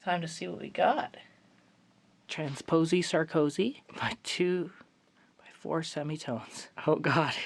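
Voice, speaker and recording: A man's voice: on the high side, takes it slowly, creaky, faint music behind. A man talking in a jokey, self-mocking way in a comedic vlog, working as a musician in his home studio. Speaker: musician vlogger.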